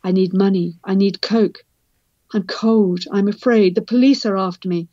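A woman reading aloud in the voice of a troubled young male patient, telling his story in halting, urgent bursts. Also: medium pitch, steady tone, no echo, natural voice. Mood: anxious. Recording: dull, slightly lo-fi sound.

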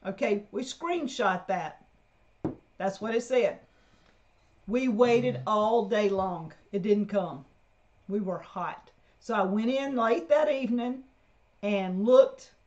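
A woman's voice: mid-range voice, slow pace, darkish tone. A woman telling stories on a homestead livestream in a chatty way, laughing often. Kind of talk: casual live chat. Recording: dull lo-fi livestream audio.

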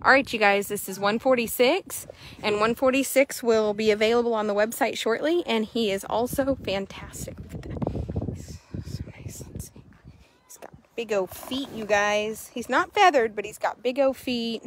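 A woman, chatting excitably to viewers while showing a horse for sale in an arena. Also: a little high, normal speed, slight background noise. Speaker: horse seller. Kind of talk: casual sales chat while riding.

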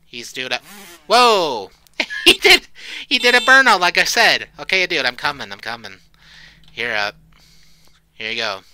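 A man's voice: medium pitch, bright, forceful tone, slight background noise. A man commentating a horror game, jumpy, swearing often and shrieking when startled. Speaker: let's play creator.

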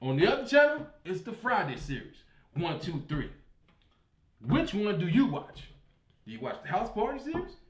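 A man hosting a comedy debate show, loud and joking, laughing often. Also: sits high, wildly swooping pitch, normal speed. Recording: echoey room with loud crowd.

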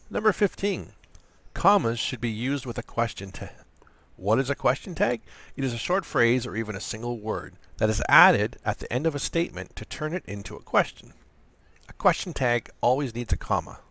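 A man's voice: mid-range voice, very animated, moderate pace, gravelly, fairly bright tone, no echo. A man hosting a casual grammar lesson, chatty with self-deprecating asides. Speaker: writing channel host.

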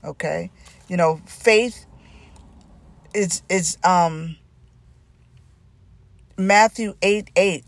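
A woman's voice: on the low side, very slow, gravelly, pauses often, no room sound. A middle-aged woman with a Southern US accent, giving an informal sermon with emphatic repetition. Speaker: Christian teacher.

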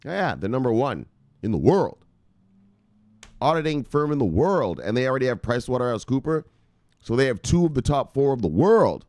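Hyped man hosting a lively crypto show. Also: medium pitch, a little fast, no echo. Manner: hyped, shouting catchphrases, laughing, profane. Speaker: crypto news show host. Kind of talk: excited casual crypto commentary. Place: home near the beach.

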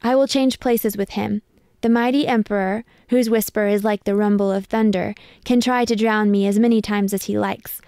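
Woman reading chill helpful storybook brother, reassuring, smooth voice. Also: medium pitch, normal speed, no echo, clean studio sound, lightly acted. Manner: calm and reassuring. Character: calm, cheerful, helpful male brother.

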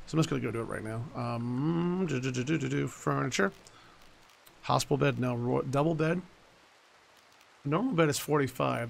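A man's voice: mid-range voice, gravelly, a little hiss or hum. A man in his forties giving casual let's-play commentary, blunt and rambling, swearing freely. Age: 40s. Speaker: gaming YouTuber.

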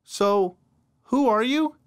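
A man voicing a groggy young woman who has lost her memory, speaking high and soft. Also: takes it slowly, clear, resonant tone. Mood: confused.

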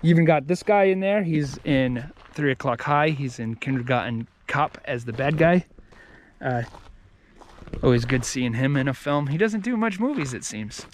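Guy rambling through a movie review, normal pitch, lots of likes and uhs, bit of faint hiss. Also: lively intonation, normal speed. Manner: rambling, filler-heavy, with "like" and "uh". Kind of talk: casual spoken review.

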